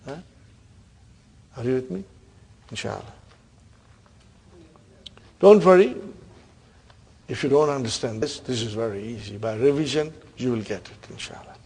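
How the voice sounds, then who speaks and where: A man's voice: mid-range voice, lively intonation, a little slow, vocal fry, long pauses, a little mellow, breathy edge. A man teaching an Arabic grammar class, quizzing his students and checking in with a "huh?" between points. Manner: questioning students, frequent "huh?" and laughs.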